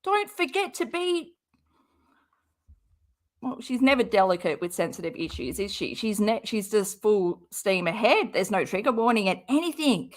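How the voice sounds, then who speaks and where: A woman's voice: medium pitch, very animated, moderate pace. A woman streaming a reaction to a clip, talking in sarcastic, exasperated commentary with some swearing while she has a cold. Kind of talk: angry commentary over a clip.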